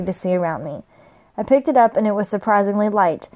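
Animated and a little fast, a woman reads a fantasy novel aloud in a mid-range, slightly mellow voice. She stumbles on hard words at times and pauses to laugh and chat about what's happening.

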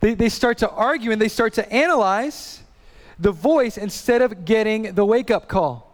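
Emphatic preacher in a reverberant hall. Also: male voice, sits high, moderate pace. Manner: emphatic, repeats key phrases, rhetorical questions. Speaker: pastor. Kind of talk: sermon.

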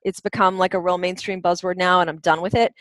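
A woman's voice: fairly low pitch, fairly even intonation, fast talker, a bit bright, dry recording. A woman co-hosting a podcast, talking in a chatty, playful way. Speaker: podcast co-host. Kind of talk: casual chat.

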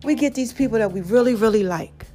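A woman with a high voice tells a story to her viewers in a loose, chatty way. She talks with energy and emphasis and turns to her audience again and again. Soft music plays faintly behind her. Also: fast talker. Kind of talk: casual storytelling to camera.

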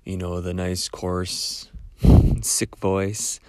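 A young man with a cold, hosting a casual solo podcast in a rambling, relaxed way with small laughs. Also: low voice, extremely slow, no echo, clean studio sound. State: stuffed-up cold voice. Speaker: podcast host.

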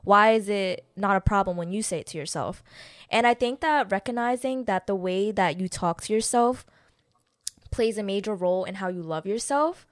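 A young woman talks with friends in a relaxed, slangy way. Her pitch sits at an ordinary middle. The recording is close and dry. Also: no room sound. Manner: chatty, slangy, quick back-channels. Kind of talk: casual chat.

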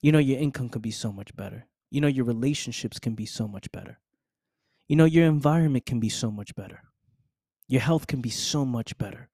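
A man's voice: medium pitch, a little fast, dark tone, no echo, clean studio sound. A man hosting a podcast, delivering a preachy motivational monologue straight to the listener, repeating phrases and calling them "fam.". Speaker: podcast host.

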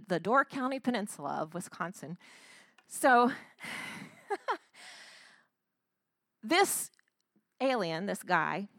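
A woman's voice: fairly high pitch, fairly bright tone, dry recording. A woman giving an earnest devotional talk, retelling a story with frequent restarts. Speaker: Christian speaker.

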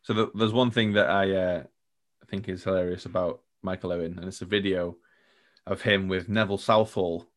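Male podcast co-host, low-pitched, easygoing banter with a joking streak. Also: steady tone, moderate pace. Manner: jokey, laughs often, acts out quotes. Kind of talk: casual football podcast chat.

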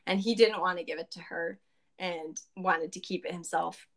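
A woman's voice: on the low side, fairly even intonation, moderate pace. Chatty woman recapping a tabletop game. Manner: chatty, full of "like" and asides.

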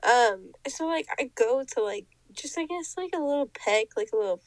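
A young woman co-hosting a podcast, telling a story in casual chat. She is animated, laughs often and mimics the people in it. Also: a little high, moderate pace, no echo, rough recording. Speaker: podcast co-host.

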